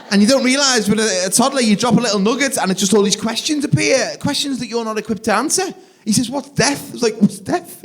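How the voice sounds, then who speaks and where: A man in his thirties performs stand-up on a theatre stage. His voice sits a little high and swings widely in pitch. He keeps breaking into loud, shouted voices for his children. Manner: animated, jumps into loud shouted voices for the kids. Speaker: stand-up comedian. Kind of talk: live stand-up comedy. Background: audience laughter.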